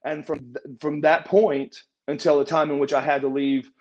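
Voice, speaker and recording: Animated storytelling man, muffled audio. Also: moderate pace. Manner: animated, acts out quotes with raised pitch. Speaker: interview guest, former wrestler. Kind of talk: casual storytelling interview.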